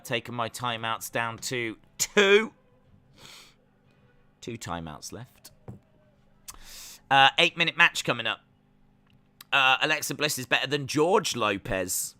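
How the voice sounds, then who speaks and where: A male stream host talks slowly in casual live-stream commentary and reads out chat as he goes. His voice is smooth and resonant, with a tense, forceful edge. He plays mock-stern and repeats his warnings for comic effect. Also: mid-range voice.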